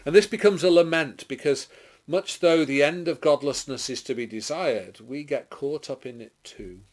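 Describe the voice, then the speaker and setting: An English man, a clergyman, reading scripture dramatically and then preaching a short sermon, declaiming loudly and rising on exclamations. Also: fairly high pitch, moderate pace. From England. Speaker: clergyman giving a short Bible reflection.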